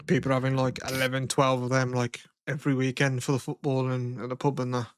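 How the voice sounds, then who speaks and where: A young man co-hosts a podcast in loose, rambling chat, swearing freely and laughing easily. His voice is smooth and resonant. The sound is close and dry. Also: mid-range voice, completely flat delivery, fast talker, no echo. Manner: rambling and profane, laughs often. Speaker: podcast co-host. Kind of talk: casual chat.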